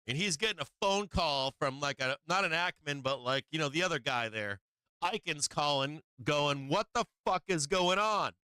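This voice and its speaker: A man hosting a stock market livestream, talking through trades in a blunt, profane, animated way and mocking big-money traders. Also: on the high side, clear, resonant tone, no room sound. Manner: blunt, swearing, animated with mock quotes of traders. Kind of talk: casual profane market commentary.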